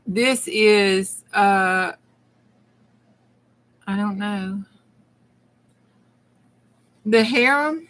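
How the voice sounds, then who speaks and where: A woman's voice: mid-range voice, fairly bright tone. A middle-aged woman with a Southern US accent, chatting casually with her viewers during a crafting stream and laughing often. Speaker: crafting channel host. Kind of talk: casual crafting livestream chat.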